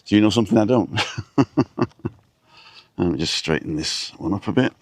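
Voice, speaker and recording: A man's voice: lowish voice, normal speed, breathy edge, dry recording. A middle-aged man hosting a casual live stream outdoors. He rambles and reads out viewers' names with small asides. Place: outdoors with a view over hotels. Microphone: camera set down in front of him.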